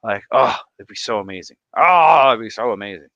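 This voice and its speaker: Excitable male streamer reading chat; bright, dry close sound. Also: lowish voice, fairly quick, creaky, no echo, muffled recording. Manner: excitable, reacts aloud to viewer comments. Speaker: livestream host. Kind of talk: casual livestream chat reading comments.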